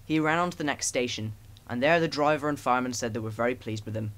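A man reads a children's storybook aloud as an audiobook in a gentle, even storytelling style. His voice is of ordinary middle pitch, and he reads quickly.

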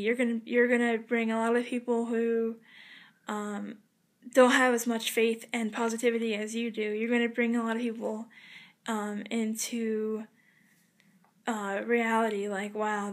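A young woman vlogging from a hotel room, speaking in a halting, earnest way with many pauses and restarts. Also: on the high side. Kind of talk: casual heartfelt address to camera.

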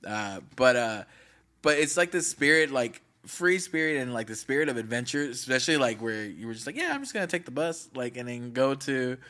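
Young man, podcast host, bright tone, earnest, rambling, easy laugh. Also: medium pitch, moderate pace. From Mexican-American. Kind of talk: casual chat.

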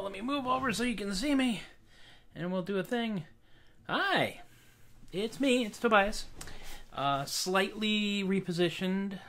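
On his own casual livestream, a singer-songwriter chats into his webcam between songs, wry, self-deprecating and rambling. His voice is high with a fairly bright tone, and there's a little background noise.

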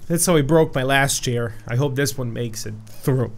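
A young man giving excited gameplay commentary, yelling at his character and then muttering to himself. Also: mid-range voice, normal speed, hardly any pauses, slight background noise. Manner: loud, shouts at his game character; animated, swings from yelling to muttering. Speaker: gaming YouTuber.

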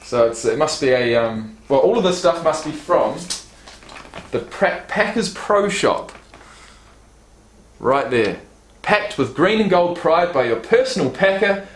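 A YouTube vlogger with a fairly high-pitched voice casually unboxes fan gifts, reading card stats and a letter aloud and swearing now and then. The room echoes, and there's a slight hiss or hum.

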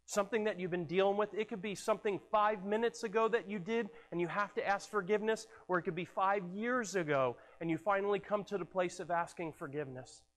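Male pastor, high voice, earnest sermon delivery with repeated words, church hall with long reverb. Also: a little fast, hardly any pauses, fairly bright tone. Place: church sanctuary.

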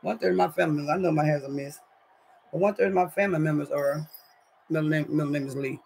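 A deep-voiced woman talks fast with vocal fry and a slightly mellow quality as she hosts a casual livestream from her home kitchen. Her throat is scratchy, and she chats in slang, reads the chat and keeps saying y'all to viewers.

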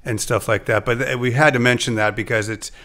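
Man, medium pitch, podcast host, casual chat, hesitant, frequent restarts. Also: steady tone, a little fast, bright, forceful tone.

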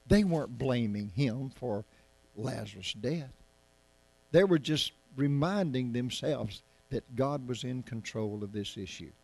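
A man's voice: medium pitch, lively intonation, a little slow, creaky, darkish tone. A male pastor preaching verse by verse, in a conversational style and often putting rhetorical questions to his listeners. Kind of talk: Bible-study sermon.

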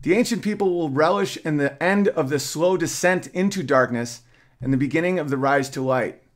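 A man's voice: a little high, normal speed. A man hosting his podcast, reading his memoir aloud as a story, breaking off now and then with wry side remarks. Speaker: podcast host.

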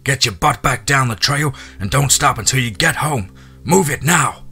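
A fierce young man , as a male narrator puts him on, yelling at his little brother, pitched well up and sharp. The voice is strained and forceful, with faint music behind. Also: lively intonation, moderate pace, gravelly, breathy edge, full character voice.

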